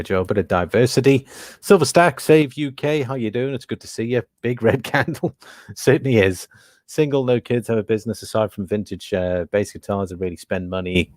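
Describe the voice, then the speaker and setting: British male livestream host, lowish voice, dry close sound, easygoing and full of fillers. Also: dry recording. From Britain. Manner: relaxed, thinks aloud with many fillers, reads out viewer comments. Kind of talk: casual livestream commentary.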